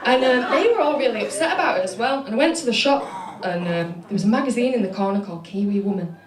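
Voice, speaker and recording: A woman's voice: on the high side, expressive, quick pace. A young woman with a Manchester accent telling stories on stage in a chatty, self-deprecating stand-up set full of fillers. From Manchester, England. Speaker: stand-up comedian. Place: comedy club stage. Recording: echoey venue with audience laughter. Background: crowd laughing.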